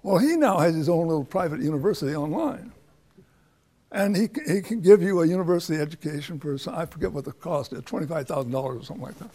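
A man's voice: a little high, animated, fast talker, warm tone. An older man, a professor, answering a student's question in an informal lecture with a rambling, anecdotal way of talking and many restarts.

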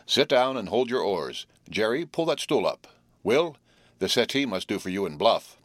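A man's voice: lowish voice, very animated, dry recording. A man voicing a cheerful teenage boy who teases his friends while telling news. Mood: teasing. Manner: teasing, drawn-out storytelling.

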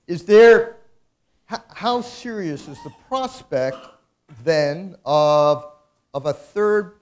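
A man's voice: on the high side, a little mellow. A man moderating a panel discussion, asking questions with hesitant restarts.

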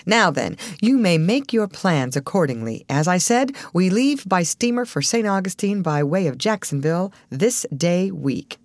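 A woman's voice: on the low side, sing-song, normal speed, hardly any pauses, no echo, clean studio sound, voice pushed up. A woman voicing a middle-aged male film company manager who speaks firmly and lays out plans. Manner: firm, organizing, reassuring.

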